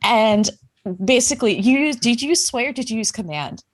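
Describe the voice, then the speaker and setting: A woman's voice: fairly high pitch, animated, moderate pace. Giggly, rambling woman game master. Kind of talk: narrating a tabletop game.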